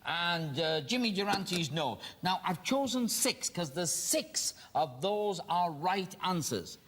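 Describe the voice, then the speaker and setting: A man's voice: sits high, very animated, takes it slowly, a bit bright, slightly rough. An older English man hosting a game show, chatty and jokey, explaining the rules and then urging a contestant on against the clock. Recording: TV studio with music and audience.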